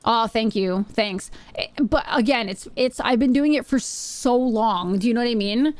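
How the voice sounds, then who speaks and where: A woman's voice: on the high side, a little slow, no room sound. A woman live-streaming from her home setup, chatting casually with her viewers in a rambling way and often repeating her phrases. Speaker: Twitch streamer.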